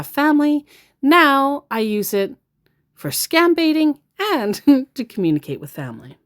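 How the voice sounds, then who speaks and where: A woman giving blunt, sarcastic casual commentary as a scam baiter. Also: medium pitch.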